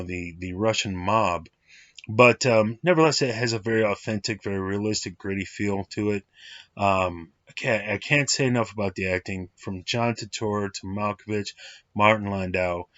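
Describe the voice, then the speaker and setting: A man's voice: fairly low pitch, fairly bright tone, no echo. A man in his late thirties giving an enthusiastic, rambling film review with many fillers. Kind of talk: casual film review monologue. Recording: dry, slightly muffled lo-fi recording.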